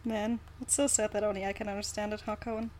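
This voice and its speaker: A woman's voice: medium pitch, level tone, fast, darkish tone, slight background noise. A young woman chatting casually on a podcast, teasing and emphatic. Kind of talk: casual chat.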